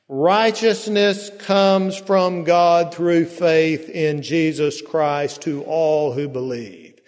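A male pastor, preaching a sermon in a slow, drawn-out storytelling manner with emphatic pauses. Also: sits high. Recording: long hall reverb.

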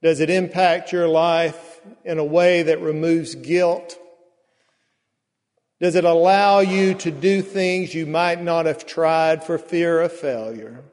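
A man's voice: on the high side, fairly even intonation, darkish tone. A man preaching in a slightly raised voice, taking his time over every phrase. His words ring out with a long reverb, as in a large church sanctuary. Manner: slow, drawn-out storytelling with emphatic pauses. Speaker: pastor. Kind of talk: sermon.

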